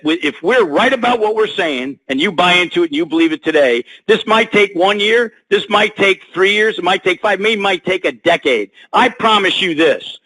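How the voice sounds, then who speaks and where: A man giving a pumped-up motivational speech on a conference call, talking loud and full of sports talk. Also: sits high, rough recording. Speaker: guest speaker on a conference call. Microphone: phone.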